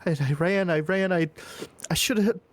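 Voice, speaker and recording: A player in a tabletop game who speaks in character in halting, broken sentences. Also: medium pitch, no echo.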